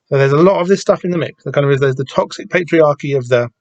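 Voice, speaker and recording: A man's voice: a little high, quick pace, no echo, lo-fi sound. A man hosting a podcast, talking casually and rambling with many restarts and the odd swear word. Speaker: podcast host discussing a comic.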